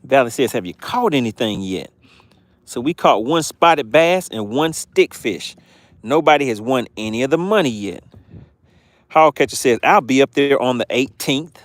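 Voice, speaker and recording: A man's voice: mid-range voice, lively intonation, normal speed, no room sound. A man from Georgia with a Southern accent, hosting a casual fishing livestream from a boat and chatting as he reads viewer comments. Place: on a boat on a lake outdoors.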